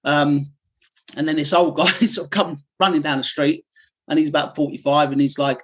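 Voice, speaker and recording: A man's voice: on the high side, little pitch movement, normal speed, fairly bright tone. A middle-aged man, a martial arts instructor, telling his life story candidly in an interview, rambling with frequent fillers and restarts. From United Kingdom.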